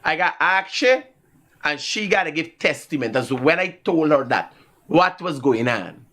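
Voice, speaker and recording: With a slightly high voice at a normal pace, a man with a Guyanese accent hosts a live talk show. He tells his stories casually and with animation, often breaking into laughter.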